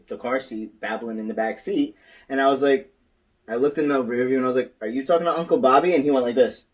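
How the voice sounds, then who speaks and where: A man co-hosting a casual podcast, telling a story in animated style and acting out the quotes. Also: on the low side, distant mic. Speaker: podcast co-host. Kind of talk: casual chat.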